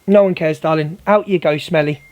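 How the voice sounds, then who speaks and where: A man's voice: fairly high pitch, steady tone, brisk, a little mellow. A man hosting a livestream, ranting confrontationally at a viewer and repeatedly calling her darling. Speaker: livestream host. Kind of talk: heated livestream rant.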